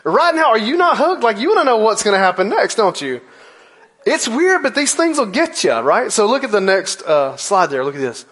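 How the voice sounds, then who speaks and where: A man's voice: high-pitched, sing-song, normal speed, a bit bright. A man in his forties preaching a sermon in a church, telling a story with playful asides. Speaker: pastor.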